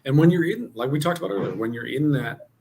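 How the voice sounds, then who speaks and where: A man's voice: mid-range voice, expressive, fast talker, darkish tone, a little hiss or hum. A man co-hosting a podcast in casual chat, earnest and encouraging, often restarting his phrases. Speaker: podcast co-host.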